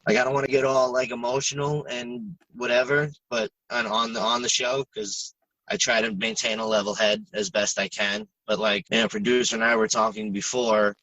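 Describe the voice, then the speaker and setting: A podcast co-host in casual chat, talking frankly and swearing freely with halting restarts, audibly stressed and upset. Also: male voice, fairly low pitch, sharp tone, no echo, distant mic, rough recording.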